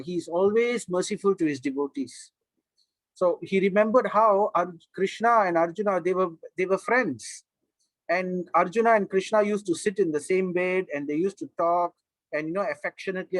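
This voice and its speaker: Man, slightly higher voice, dry close recording, teaching a scripture class with frequent restarts. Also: no echo, rough recording. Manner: explanatory, with frequent restarts and fillers.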